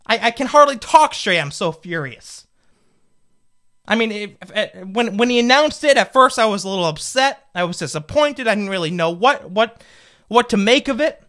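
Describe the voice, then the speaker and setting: A man's voice: high-pitched, expressive, normal speed, bright, forceful tone. A man in his twenties, a political commentator, delivering a fired-up, indignant opinion rant full of rhetorical questions. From United States. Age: 20s.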